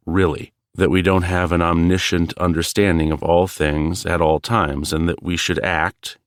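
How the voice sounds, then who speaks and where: A man with a very low, deep voice hosts a solo podcast. He talks in a calm, measured and earnest way, and the recording is dry and close. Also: no room sound. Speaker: podcast host. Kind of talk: reflective solo podcast narration.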